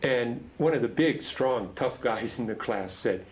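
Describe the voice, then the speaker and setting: A middle-aged man leading a men's group tells a story gently, with halting restarts. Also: medium pitch, animated, a little hiss or hum, rough recording. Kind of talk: storytelling talk.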